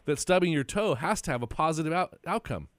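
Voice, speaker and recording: A man hosting a podcast, asking questions and reflecting on what his guest says in a measured way. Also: a little high, animated, dry recording, clean studio sound. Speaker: podcast host. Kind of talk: podcast conversation.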